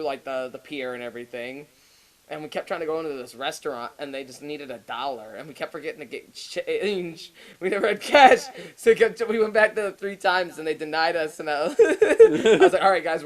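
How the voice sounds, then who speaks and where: A man's voice: on the high side, low-quality recording. A young man, a podcast co-host, telling a long story in casual, profane chat and often laughing as he goes.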